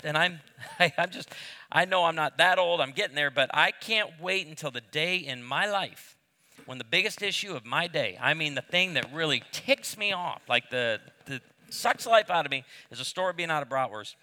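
A pastor in his fifties delivers a sermon full of funny stories. He acts out the other voices as he tells them, and his voice is high-set and very bright and forceful. It carries with a long reverb, as if spoken in a large hall. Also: normal speed. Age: 50s. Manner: animated storyteller, acts out voices.

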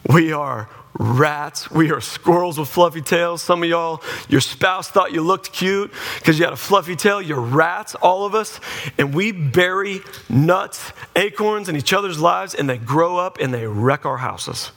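A middle-aged man, preaching to a congregation in an animated, joking storytelling style and acting out conversations. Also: a little high, a little slow. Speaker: pastor. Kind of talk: humorous sermon storytelling. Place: church before a live audience.

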